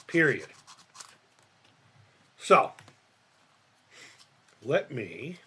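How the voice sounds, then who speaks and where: A man's voice: mid-range voice, sing-song, drawn-out words, pushed and bright, breathy edge. A man live-streaming as he builds a model kit, rambling and thinking aloud, swearing often and laughing at himself. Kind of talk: casual live-stream chat while crafting.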